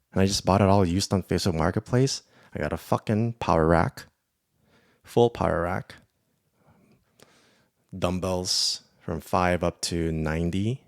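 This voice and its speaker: A man with a low, deep voice hosts a casual solo podcast, rambling and cursing with bursts of excitement. The sound is dry and close, with no room echo. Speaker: podcast host.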